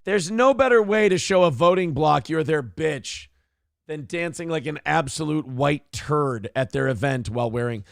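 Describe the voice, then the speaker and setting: Gravelly, sarcastic male talk-show host. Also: fairly high pitch, lively intonation, normal speed, dry recording. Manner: sarcastic, profane ranting. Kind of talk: casual commentary show.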